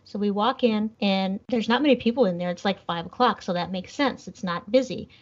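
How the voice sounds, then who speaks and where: Lively woman from Minnesota telling stories. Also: mid-range voice, a little fast, highs cut off. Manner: animated, acts out quotes in other voices. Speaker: podcast guest. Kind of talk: casual storytelling.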